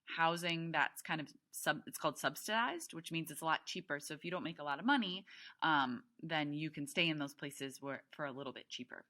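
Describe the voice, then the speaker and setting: A woman teacher reads a novel aloud to her class. She stops often to explain words and to check that the students understand. Her voice is low and bright, with a crisp edge. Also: a little fast.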